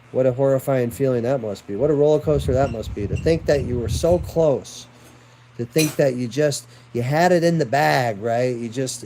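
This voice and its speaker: A man's voice: medium pitch, mellow, a little hiss or hum, rough recording. Man, ranting monologue to viewers, defiant, rambling, repetitive, crude at times.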